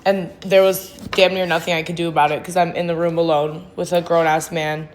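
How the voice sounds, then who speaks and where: Blunt, foul-mouthed woman with a lowish voice. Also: flat delivery, a little fast, a little hiss or hum. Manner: blunt, heavy swearing, slangy; rambling with restarts and frequent "like". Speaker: vlogger sharing her sobriety testimony. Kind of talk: candid personal storytelling.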